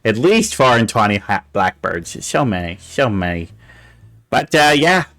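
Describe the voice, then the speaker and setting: A man's voice: fairly low pitch, sing-song, a little slow, fairly bright tone. A man hosting a casual livestream chat show, rambling with fillers and restarts and cooing with delight over pictures. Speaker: talk show host.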